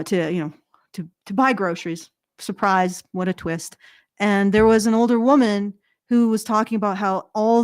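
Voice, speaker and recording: A woman's voice: medium pitch, dry recording, clean studio sound. A Canadian woman with a Canadian accent, a regular on a political commentary show, rambling casually and correcting herself as she goes. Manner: rambling, self-correcting, chuckles at own jokes.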